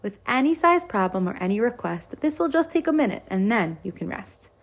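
A woman's voice: fairly high pitch, very animated, a little fast. A woman voicing an eager, helpful young boy who urges his brother on. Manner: eager, insistent.

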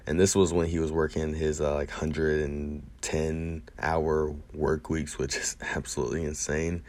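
A man's voice: very deep voice, level tone, a little slow, a little mellow. A young man in a casual monologue, rambling with many fillers and restarts, earnest and emotional.

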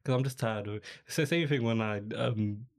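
A young man hosts a podcast, talking fairly quickly in a mid-range voice. His casual chat rambles in a laid-back way, peppered with slang and filler words.

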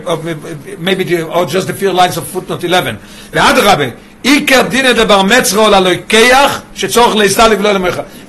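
High-voiced man teaching. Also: fairly bright tone, a little hiss or hum. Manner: mixes English with Yiddish and Hebrew terms, explains with examples. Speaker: Torah teacher. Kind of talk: classroom Torah lesson.

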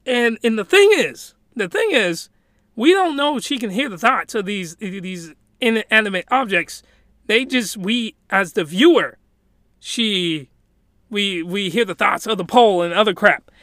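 A man excitedly recapping a story in casual chat, laughing and rambling with many restarts. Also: high-pitched, measured pace, no room sound, clean studio sound. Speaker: video commentator.

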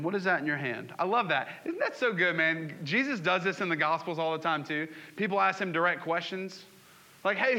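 High, bright-voiced male preacher. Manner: animated preaching, rhetorical questions to the congregation. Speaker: pastor. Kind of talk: sermon.

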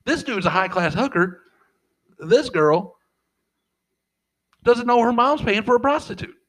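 On a podcast, a middle-aged co-host and father tells rambling, profane stories, acting out what people said in a very high-pitched, animated voice. He keeps a measured pace, and the audio quality is poor.

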